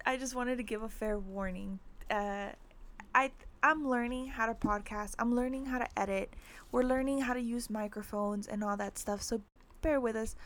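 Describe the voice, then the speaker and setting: Blunt, cursing young woman podcast host. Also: a little high. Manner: blunt, heavy cursing, candid. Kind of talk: casual podcast chat.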